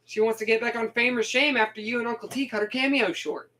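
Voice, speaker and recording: A whiny young slacker son , as a man recounts him. The voice stays high and bright, close to the speaker's own casual tone. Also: steady tone, fast talker. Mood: explaining.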